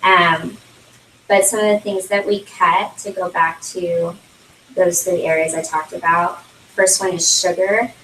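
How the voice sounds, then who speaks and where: A young woman gives a chatty, filler-heavy presentation to guests in a room. Her voice sits a little low and comes from across the space, picked up by a camera. The room rings around her. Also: fairly even intonation, unhurried, fairly bright tone, slight background noise. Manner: chatty, many fillers, laughs often. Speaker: consultant presenting at a launch party. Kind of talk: casual product presentation. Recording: roomy, distant camera audio.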